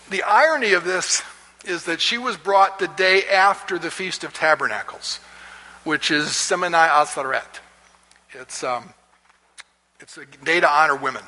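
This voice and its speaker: Male Bible teacher, chatty and laughing, bright tone, echoey hall. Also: fairly high pitch. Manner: chatty, chuckling, frequent restarts. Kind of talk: casual lecture with storytelling.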